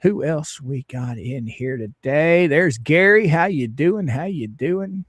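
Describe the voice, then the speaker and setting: A man's voice: a little high, lively intonation, takes it slowly, dry recording, clean studio sound. A man hosting a casual livestream, laughing often and greeting viewers in the chat. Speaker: livestream host.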